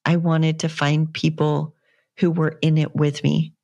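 A woman's voice: deep voice, little pitch movement, unhurried, gravelly, a little mellow, dull audio. A young adult woman, a fitness coach, rambling earnestly and encouragingly in a casual solo podcast monologue.

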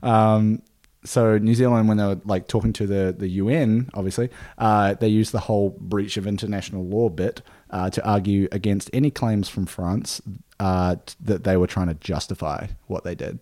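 Low voiced guy hosting a history podcast, reading notes, lots of uhs. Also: steady tone, moderate pace, warm tone. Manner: reads notes with fillers and laughs easily. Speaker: podcast host. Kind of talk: casual history podcast narration.

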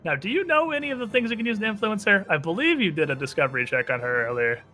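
A man narrating as game master of a tabletop role-playing game, in an animated, descriptive storytelling manner. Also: high-pitched, quick pace, faint music behind.

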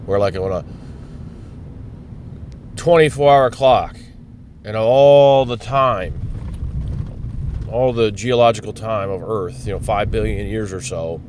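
A man with a low voice rambles through a blunt, profane monologue, talking as he drives. His car is on the road, and its rumble comes through clearly under his voice. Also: slow, pauses often, darkish tone. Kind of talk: ranting monologue while driving. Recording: car road noise behind.

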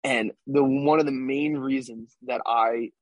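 Young male athlete guest, husky, casual rambling storyteller, dry close sound. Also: medium pitch, steady tone, a little slow, no echo. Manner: rambling, tag questions like "right?". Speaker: podcast guest, baseball player.

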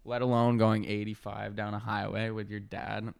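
A man's voice: lowish voice, level tone, normal speed, gravelly, clean tone. A young man co-hosting a podcast in casual chat, easygoing, laughing often and swearing casually. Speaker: podcast co-host.

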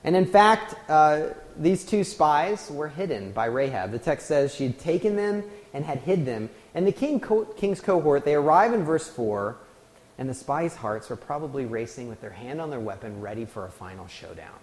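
A man's voice: on the high side, expressive, moderate pace, a little mellow. A man preaching a sermon, telling a personal story in a conversational, self-deprecating way. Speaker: pastor. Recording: long hall reverb.

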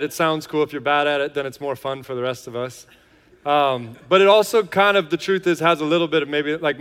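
Male pastor, chatty and playful, smooth voice, long hall reverb. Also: fairly high pitch, a bit bright. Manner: joking, chatty, many fillers. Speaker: lead pastor. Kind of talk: casual sermon intro and worship lead. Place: large church hall.

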